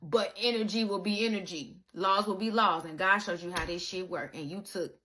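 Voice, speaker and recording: A woman giving a casual spiritual monologue to her viewers, animated and profane, calling the listener baby and acting out the people she quotes. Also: medium pitch, moderate pace. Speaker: spiritual content creator.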